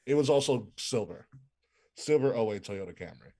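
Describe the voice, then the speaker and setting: A man's voice: medium pitch, lively intonation, normal speed, dark tone. A man, co-hosting a podcast and telling a casual story with lots of fillers. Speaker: podcast co-host. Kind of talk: casual chat.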